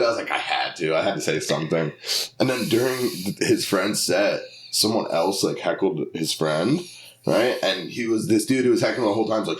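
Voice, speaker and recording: Deep-voiced man telling a story. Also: a little fast. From Philadelphia. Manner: animated, acts out quotes in shifting voices. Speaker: stand-up comedian. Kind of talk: casual podcast storytelling.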